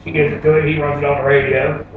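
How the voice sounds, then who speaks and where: A man's voice: on the high side, flat delivery, quick pace, noisy background. A man telling comic stories on stage in a laid-back, rambling way, with fillers. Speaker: storyteller. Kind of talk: live comic storytelling on stage. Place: stage before an audience. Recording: distant, roomy, dull live recording.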